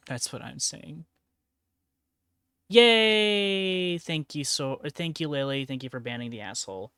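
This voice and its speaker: A woman's voice: very deep voice, moderate pace, dry recording, clean studio sound. A woman streaming in casual chat while painting miniatures, laid-back, laughing often and swearing freely. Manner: laid-back, giggly and profane.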